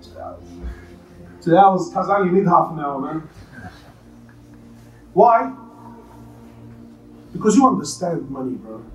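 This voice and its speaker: A man preaching a sermon. He talks with passion and swings between loud, rising pleas and quiet, low asides. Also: animated, slow, pauses often, soft background music. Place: mosque hall. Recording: roomy hall from far off, faint hum.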